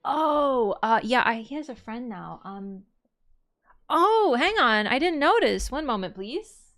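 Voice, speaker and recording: A young woman chatting casually with viewers while livestreaming a game, excitable and reacting out loud. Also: high voice, unhurried, no room sound. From Canada. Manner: excitable, reacts aloud to gameplay and chats with viewers. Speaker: streamer. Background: game music.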